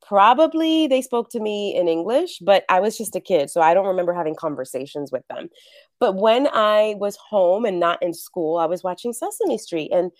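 Animated middle-aged woman, dry close sound. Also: medium pitch, moderate pace, dry recording. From The Bronx, New York. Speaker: actress and acting teacher, guest. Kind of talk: casual interview chat.

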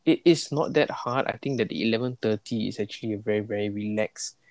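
A man's voice: on the low side, quick pace, no echo. A young man with a Singaporean accent co-hosting a casual podcast chat. He is laid-back and playful, and he talks in loose, restarting sentences. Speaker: podcast co-host.

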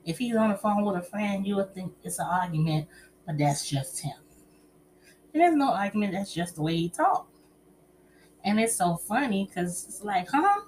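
A middle-aged woman telling personal stories and giving relationship advice to an audience, in a chatty, expressive way, calling listeners honey and child. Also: medium pitch, normal speed, slight background noise.

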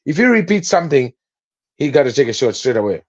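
A man's voice: medium pitch, big pitch swings, fast talker, no room sound, highs cut off. A man joking with friends on a podcast, often repeating himself. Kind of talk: casual chat.

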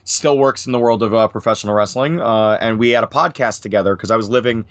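A thirty-something podcast guest from New Jersey chats casually in a lowish voice at a quick pace, with an American accent and no room sound. His talk is full of profanity and rambling stories, and he livens it up with impressions.

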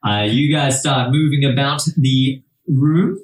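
A man's voice: mid-range voice, a little slow, a little hiss or hum. Man running a tabletop game, roomy sound. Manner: relaxed, hesitant narration with many fillers and restarts. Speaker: game master. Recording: roomy, distant mic.

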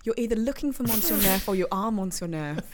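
Woman, podcast co-host, animated expressive pitch, playful and chatty. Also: quick pace, background noise. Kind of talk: casual podcast chat.

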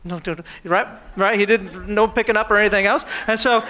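A high, bright male pastor preaching with a playful storyteller's touch. He slips into little voices for the people in his stories and keeps checking in with the crowd. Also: steady tone, brisk. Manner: humorous storytelling, acts out everyday scenes. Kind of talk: sermon.

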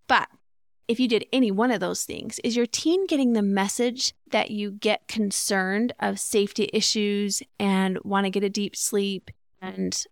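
A woman's voice: mid-range voice, creaky, smooth, no room sound, clean studio sound. A woman hosting a relationship podcast, talking earnestly and in a teaching way, now and then acting out sample phrases. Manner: earnest, instructive, acts out example phrases. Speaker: podcast host. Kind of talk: relationship advice podcast monologue.

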